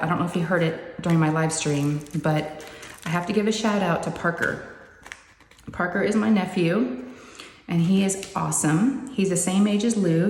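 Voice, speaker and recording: A woman's voice: on the low side, darkish tone. A woman hosting a crafting channel, chatting casually and rambling to her viewers from her craft room. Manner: chatty, meandering, says y'all. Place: craft room upstairs with door closed. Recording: echoey room with long reverb, faint noise.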